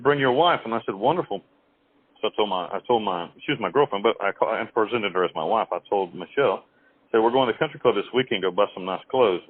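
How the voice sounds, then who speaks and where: A man's voice: fairly low pitch, breathy edge, no echo. Rambling man on a tinny phone line. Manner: rambling, with frequent restarts and acted quotes. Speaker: interview guest. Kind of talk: telling life stories over the phone.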